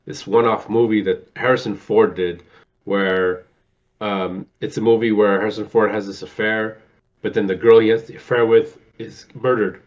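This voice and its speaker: A man's voice: fairly low pitch, steady tone, normal speed, muffled recording. A man co-hosting a casual movie chat, rambling with many fillers and acting out quotes in a theatrical voice. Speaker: podcast co-host.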